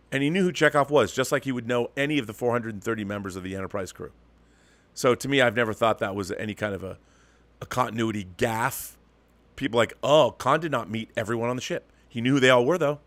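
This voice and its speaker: Male host, mid-pitched, emphatic ranting commentary, dry close-miked sound. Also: a bit bright, dry recording. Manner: emphatic, ranting, with frequent restarts. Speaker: show host. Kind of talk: opinionated commentary monologue.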